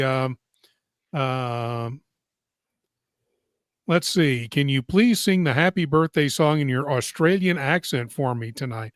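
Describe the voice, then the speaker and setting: A man's voice: medium pitch, no room sound, studio quality. A man hosting a casual live stream, chatting and reading viewer comments aloud. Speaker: host.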